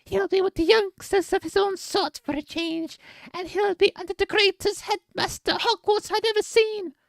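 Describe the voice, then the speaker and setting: A woman voicing a big gruff male gamekeeper in a put-on Scottish accent, reading aloud from a storybook on a stream. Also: extremely high pitch, steady tone, moderate pace, no room sound, pitched above the performer's own voice. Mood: indignant.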